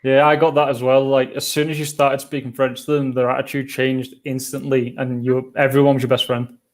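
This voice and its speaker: A man's voice: mid-range voice, little pitch movement, fairly quick. Field: man, casual storytelling guest. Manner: rambling anecdotal storyteller. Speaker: guest travel vlogger. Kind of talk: casual chat.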